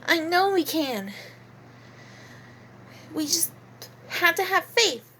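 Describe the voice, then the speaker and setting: A woman's voice: extremely high pitch, expressive, slow, bright, forceful tone, slight background noise, exaggerated voice. A woman voicing an earnest young girl who speaks encouragingly.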